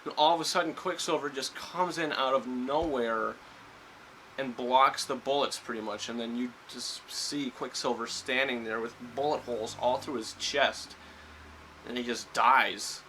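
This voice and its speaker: A man's voice: medium pitch, steady tone, a little slow, pushed and bright, a little hiss or hum, rough recording. A man giving a casual spoiler review of a film, rambling with lots of fillers and restarts. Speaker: movie reviewer.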